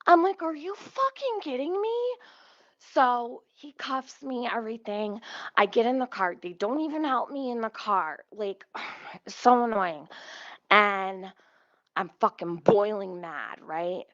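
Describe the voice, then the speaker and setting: A woman's voice: medium pitch, a little slow, a bit bright, dry recording. Profane, exasperated woman telling a story. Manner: profane, exasperated, laughing often. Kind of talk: casual storytime monologue. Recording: slightly muffled dry recording.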